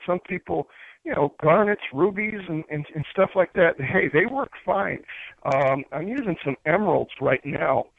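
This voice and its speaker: High-voiced man rambling earnestly. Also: expressive, moderate pace, gravelly, no echo. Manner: rambling, earnest, many fillers and restarts. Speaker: spiritual teacher guest. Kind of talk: casual spiritual teaching talk. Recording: dry, tinny phone-line sound.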